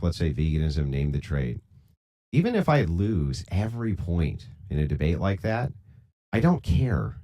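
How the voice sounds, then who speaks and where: A man's voice: low-pitched, warm tone. A man hosting a live-streamed debate, talking bluntly and profanely in a lecturing tone. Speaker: debate host.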